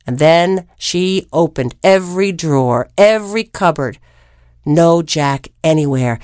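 Slow, expressive woman storyteller. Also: on the low side, no room sound, studio quality. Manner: expressive, with sound effects and dramatic pauses. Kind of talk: oral storytelling.

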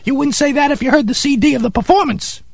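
A man playing Harry, an eccentric, pompous character in a comedy radio sketch, excitable and condescending as he gushes over bizarre music. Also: extremely high pitch, fast, vocal fry, no room sound. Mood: enthusiastic.

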